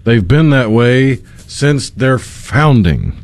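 A man's voice: mid-range voice, animated, slow. A male radio co-host on a studio microphone, giving assertive, opinionated commentary.

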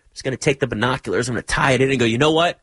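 A man hosting a live sports talk show, talking in an animated, joking way with rambling asides. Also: medium pitch, rapid-fire, breathy edge, dry recording, studio quality. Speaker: radio sports talk host.

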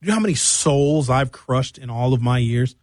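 A man in his fifties hosting and reading viewer comments in an exasperated, animated comic rant. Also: mid-range voice, normal speed, no echo, studio quality. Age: 50s. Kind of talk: comedic rant.

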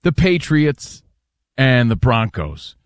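A man hosting a sports talk segment, steering the chat and reading out listener views. His pitch is middling but moves a lot. The recording is dry and close. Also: very animated, slow, smooth, dry recording. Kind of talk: casual sports debate.

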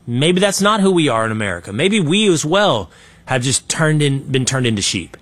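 A man hosting a political talk show, giving opinionated commentary and acting out quotes in an animated way. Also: mid-range voice, moderate pace. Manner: animated, acts out quotes in his own voice, trailing restarts.

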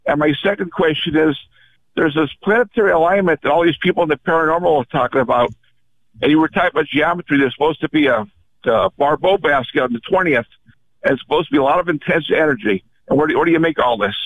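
A man's voice: on the high side, fast talker. A man from Pennsylvania calling in to a radio show, polite and chatty. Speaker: caller. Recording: tinny phone line.

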